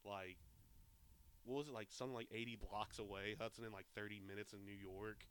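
Male podcast co-host, smooth resonant tone, profane and animated. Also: on the low side, brisk. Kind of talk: casual movie discussion.

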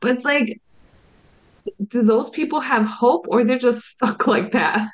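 A woman's voice: on the high side, measured pace, low-quality recording. A woman podcast host interviews a guest. She sounds curious and conversational, asking follow-up questions as the talk goes on.

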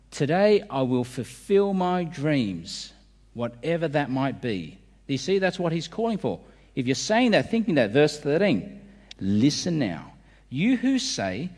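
Man preaching in an echoing hall. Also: fairly high pitch. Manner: lively, emphatic preaching with rhetorical questions. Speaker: pastor. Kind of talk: sermon. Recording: long hall reverb.

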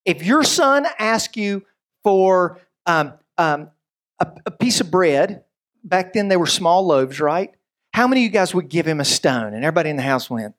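A man's voice: high-pitched, moderate pace. A man preaching a sermon as pastor, conversational, with stammered restarts, acting out little voices and quotes. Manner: lively, acts out voices and quotes.

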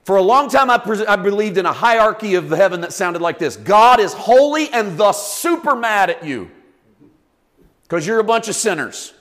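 Guy preaching in church, chatty and animated, kinda high voice. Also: moderate pace. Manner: conversational, animated, with acted asides. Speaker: pastor. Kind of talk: sermon.

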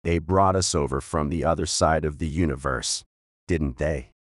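A calm, thoughtful older man who reasons things through aloud, as voiced by a male narrator. He speaks in a measured, gentle way with a deep voice. The recording is dry and close. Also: no room sound. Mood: musing.

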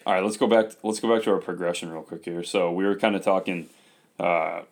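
A man, co-hosting a podcast and chatting casually, telling stories in an animated way with lots of fillers. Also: deep voice, fairly quick. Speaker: podcast co-host. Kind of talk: casual chat.

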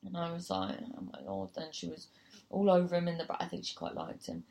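A woman's voice: fairly low pitch, sing-song, fast, vocal fry, a little mellow. A woman comedian telling a gig story casually, swearing freely and acting out other people's voices. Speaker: comedian and compere.

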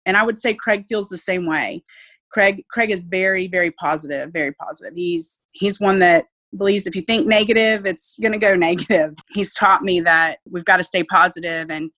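A woman's voice: lowish voice, fairly quick, fairly bright tone. A woman, a mother speaking earnestly and with faith about her child's illness in an interview. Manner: heartfelt, faith-filled, earnest. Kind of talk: emotional personal interview.

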